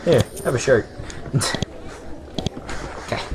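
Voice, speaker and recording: A man's voice: medium pitch, slow pace, noisy background. A man casually commenting as he plays a video game, making jokey, rambling asides. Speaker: let's play host.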